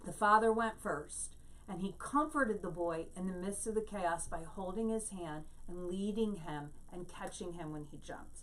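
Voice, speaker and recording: A woman giving a Bible teaching, explaining Hebrew words slowly and telling a story to make her point. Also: mid-range voice, far from the mic.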